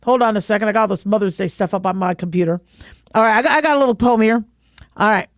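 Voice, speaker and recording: A woman's voice: mid-range voice, fast, dry recording, studio quality. A middle-aged woman hosting a radio advice show, talking casually and playfully with many restarts. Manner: chatty, playful, frequent restarts.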